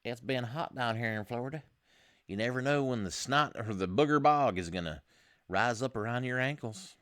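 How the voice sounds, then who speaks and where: A man putting on a laid-back Southern man from Florida with a slow drawl. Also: medium pitch, a bit bright, dry recording, clean studio sound, voice pushed up, lightly acted.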